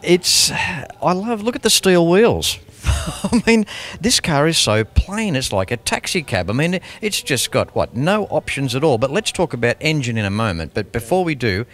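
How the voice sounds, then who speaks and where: A man hosts a televised car show, his voice swinging up and down with excitement. He exclaims and presses his guest for stories, recorded outdoors at a big car event. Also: fairly high pitch, moderate pace. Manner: enthusiastic, exclaiming. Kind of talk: TV interview and sign-off.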